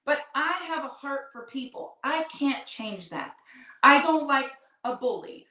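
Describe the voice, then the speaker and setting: A middle-aged woman with a fairly high voice tells her own story earnestly and from the heart. She talks straight to her listeners as a podcast host. The sound is roomy and echoey, picked up from a distance. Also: expressive, a little slow, bright, forceful tone. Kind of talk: personal storytelling to an audience. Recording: echoey room, distant mic.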